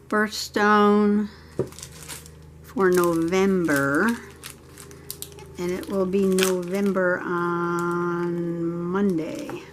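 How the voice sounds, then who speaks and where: A woman vlogger chatting casually to herself and viewers as she works on a craft project at home. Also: on the low side. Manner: chatty, thinking aloud while working.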